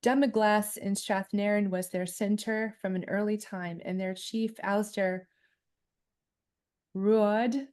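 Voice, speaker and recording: A medium-pitched, slightly mellow female voice belongs to a co-host in a casual talk on family research and clan history. She's chatty and regularly reads from a booklet aloud.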